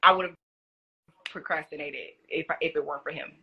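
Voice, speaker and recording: A young woman chatting casually on a phone livestream, animated and giggly, rambling and restarting as she answers viewers' comments. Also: low-pitched, brisk, husky, dull audio. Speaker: former reality show contestant.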